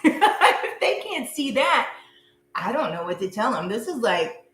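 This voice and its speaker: Slightly high and a little slow, this woman's voice has a sing-song lilt and a fairly bright tone. She's a middle-aged tarot reader doing a casual live reading, chatty, blunt, quick to laugh and curse, recorded in an echoey room with a faint hum.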